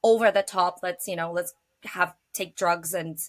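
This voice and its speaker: A woman's voice: fairly low pitch, fairly even intonation, moderate pace. A woman guest on a podcast, chatting frankly and animatedly about dating. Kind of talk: casual chat.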